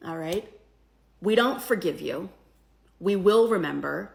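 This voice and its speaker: A woman's voice: on the low side, animated, a little slow, vocal fry, a little mellow. A woman delivering a scornful, heated social media rant, clipped from a video. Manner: scornful, rising to heated and profane. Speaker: commentator in a reacted-to clip.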